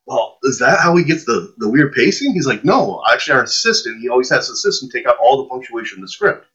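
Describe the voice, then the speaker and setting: This guest on a podcast has a husky, mid-range voice and talks fast. Telling a long, laid-back story, he animatedly acts out the others' lines along with his own, and the audio is muffled and lo-fi.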